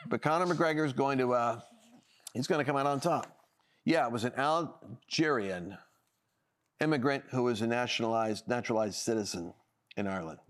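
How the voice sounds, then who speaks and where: A man's voice: mid-range voice, moderate pace. A man hosting a political talk show, delivering opinionated commentary with emphatic, sarcastic emphasis and frequent restarts.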